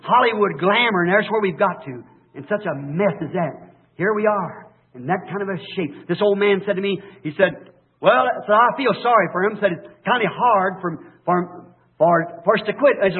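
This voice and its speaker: Husky high-voiced preacher on old tape. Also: male voice. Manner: impassioned, rising to shouts, folksy rural speech. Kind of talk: fiery revival sermon. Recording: old phone-like tape recording.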